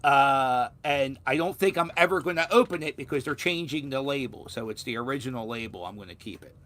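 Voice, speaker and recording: A man's voice: mid-range voice, fairly quick, fairly bright tone, a little hiss or hum. A man from Philadelphia with a Philadelphia accent, telling a story in a casual vlog, rambling with restarts and the odd swear word. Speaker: vlogger.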